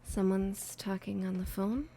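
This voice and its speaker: A woman's voice: mid-range voice, steady tone, a little slow, vocal fry, dark tone, slightly rough, voice pushed down. A woman voicing a drugged young woman held captive, groggy and then defiant and crude.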